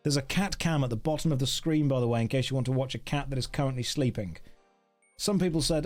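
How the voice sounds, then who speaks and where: A man's voice: on the high side, expressive, fast talker, soft background music. Playful man streaming a game. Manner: playful, joking, chatty with chat. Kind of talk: casual game stream chat with viewers.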